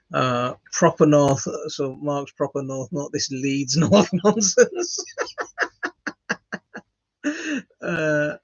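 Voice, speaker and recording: A man with a gravelly, creaky voice rambles casually to camera, full of fillers and restarts. The sound is dry and close, recorded on a phone in a small home studio with dull, lo-fi audio. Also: on the high side, expressive, very slow, pauses often, no room sound. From West Yorkshire, England. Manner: rambling, self-deprecating, many fillers and restarts. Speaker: gardening channel host.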